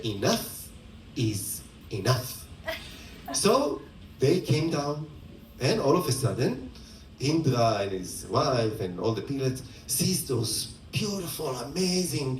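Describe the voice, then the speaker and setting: A man tells an old myth with playful, animated delivery, his pitch swinging widely and his pace unhurried. He is heard from a distance in a roomy space with faint ambience behind him. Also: slight background noise. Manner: animated, playful, laughing asides. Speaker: storyteller. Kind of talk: retelling a myth to an audience.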